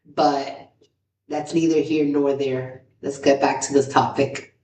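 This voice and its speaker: A woman hosting a casual solo podcast, excitable and repetitive, swinging between low musing and high, loud exclamations. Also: takes it slowly, far from the mic. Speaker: podcast host. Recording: roomy, from off the mic.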